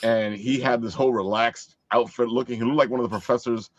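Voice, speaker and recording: A man co-hosting a casual interview chat, jokey and animated. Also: mid-range voice, fast talker, no echo. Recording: dry, dull lo-fi mic.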